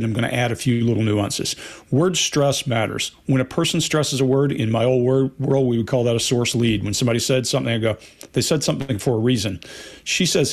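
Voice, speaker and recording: Blunt, emphatic man on a panel. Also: medium pitch. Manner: emphatic, blunt, repeats his points. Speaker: panel commentator. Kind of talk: casual commentary panel.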